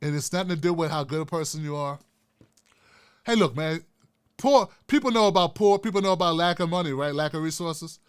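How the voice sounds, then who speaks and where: Fervent high-voiced male commentary host. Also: brisk, smooth. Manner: fervent, repeats and restarts phrases for emphasis; addresses viewers directly and casually. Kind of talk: impassioned political commentary.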